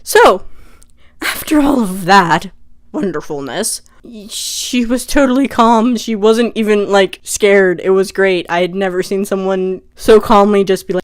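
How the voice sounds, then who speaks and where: A woman's voice: mid-range voice, unhurried, clean tone. Chatty young woman telling a story. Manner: chatty, animated retelling with many "like"s. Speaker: vlogger. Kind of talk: storytime vlog.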